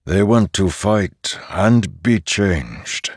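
A man voicing a calm farmer who oversees soldiers in an audiobook; the voice is kindly and soft, and he speaks slowly and reassuringly. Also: deep voice, husky, no echo, studio quality, pitched above the performer's own voice, exaggerated voice. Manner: slow, measured and reassuring. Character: calm middle-aged male farmer overseer, kindly but firm.

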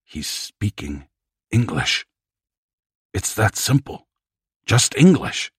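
Male reader doing a deep-voiced, quavering, amazed scholar for a storybook read. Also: measured pace, husky, no room sound, clean studio sound. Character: startled middle-aged male language scholar.

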